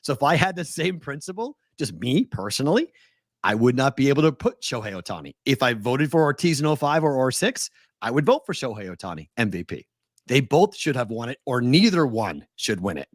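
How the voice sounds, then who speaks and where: A man with a Boston accent, co-hosting a sports betting show, arguing his point heatedly with rapid-fire questions. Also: mid-range voice, sing-song, no room sound, clean studio sound. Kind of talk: casual sports debate.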